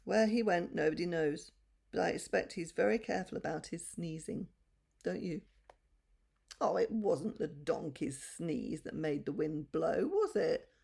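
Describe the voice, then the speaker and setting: An older woman reading a bedtime story aloud to children, gentle and expressive. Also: on the low side, unhurried, creaky, slightly rough.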